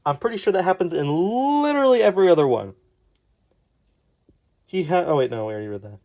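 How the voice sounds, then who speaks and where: A young man casually commenting as he reads his old comics aloud, sarcastic and exasperated, with quick asides. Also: on the high side, expressive, a little mellow. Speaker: YouTube artist.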